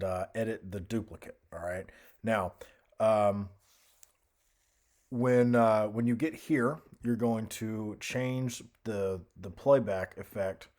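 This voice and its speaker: Young man, lowish voice, relaxed software walkthrough, thinks aloud with lots of ums. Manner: casual, many fillers and restarts, thinks aloud. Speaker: music software tutorial host. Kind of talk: screen-recorded software tutorial.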